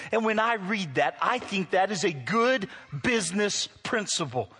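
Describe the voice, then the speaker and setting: A male pastor delivers a sermon in a high, husky voice. He swings from loud, excited bursts to quiet, hushed lines. He talks straight to his congregation and teases them along the way. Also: measured pace, hardly any pauses. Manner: animated preaching, swinging between loud and hushed.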